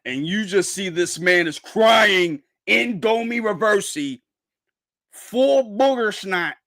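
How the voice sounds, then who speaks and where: A man reacting live to a manga chapter, reading it aloud and breaking into loud, slangy, repetitive outbursts. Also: high voice, slow pace. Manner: excitable, loud outbursts, slangy, repeats himself. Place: home streaming setup with green screen.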